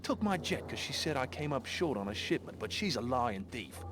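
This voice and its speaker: An actor playing a brash, boastful pilot and smuggler with an Australian accent, slangy and wheedling. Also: male voice, medium pitch, big pitch swings, normal speed, music in the background, lightly acted. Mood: scheming.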